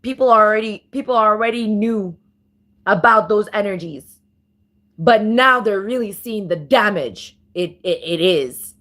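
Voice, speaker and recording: A woman giving an off-the-cuff spiritual monologue, ranting with profanity and slang, restarting phrases and breaking into louder emphatic bursts. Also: medium pitch, lively intonation, measured pace. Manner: profane, emphatic rant with sudden louder outbursts. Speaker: spiritual commentator.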